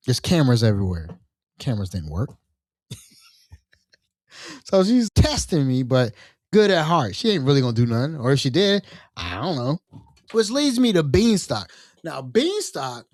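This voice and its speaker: Male host, animated storyteller, swings his pitch widely, dry booth sound. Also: no room sound. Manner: animated, acts out quoted voices. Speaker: podcast host. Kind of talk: casual storytelling.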